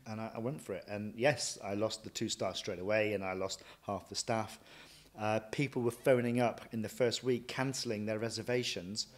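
A man, a chef and restaurant owner, telling stories from his career in a lively way, often acting out what he thought and said. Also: lowish voice, moderate pace, few pauses. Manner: lively anecdotal, quotes himself often. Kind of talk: casual interview storytelling.

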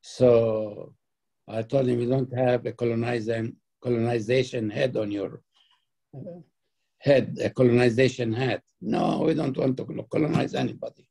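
Older storyteller type, a man with a husky, mellow voice who acts out dialogue in his anecdotes. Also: medium pitch, steady tone, normal speed. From Palestine. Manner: anecdotal, laughs while telling, acts out quoted dialogue. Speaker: interviewee. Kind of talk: storytelling in an interview.

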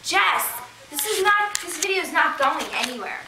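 A woman's voice: very high voice, animated, moderate pace. A young woman chatting casually on a vlog, playfully indignant and bickering with her partner. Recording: loud background noise.

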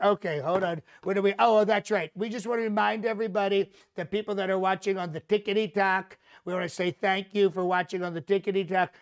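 A comedian playing a bragging, rambling older male politician, hosting a live mock press conference. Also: sits high. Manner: bragging, repetitive, rambling asides.

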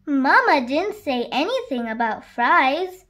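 A woman reading a children's story and voicing a fussy, kindly hen baby-sitter who scolds gently. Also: high-pitched, big pitch swings, takes it slowly, heavily acted. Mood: scolding.

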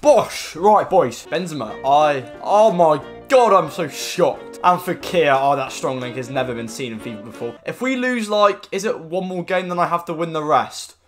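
A young man commentating his own football video game matches, excitable and swearing, often yelling at the players. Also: fairly high pitch, moderate pace, few pauses, faint music behind. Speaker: gaming YouTuber. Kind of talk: live gameplay commentary.

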